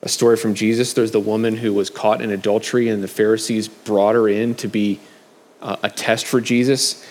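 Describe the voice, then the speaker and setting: A man's voice: lowish voice, a little mellow. A middle-aged man giving a casual sermon with scripture readings, talking loosely with fillers and restarts. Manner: conversational, frequent fillers and restarts. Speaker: preacher sharing a message. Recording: long hall reverb.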